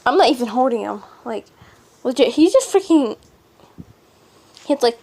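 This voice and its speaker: High-voiced, slow-talking young woman vlogger. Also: sing-song, darkish tone, low-quality recording. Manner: rambling, giggly, swears casually. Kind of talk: casual chat to camera.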